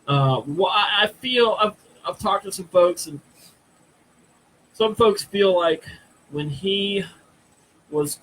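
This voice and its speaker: A man's voice: high voice, expressive, takes it slowly, long pauses, a bit bright, rough recording. A man hosting a live paranormal show, speaking hesitantly with lots of fillers. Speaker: podcast host. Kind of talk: casual live-stream chat.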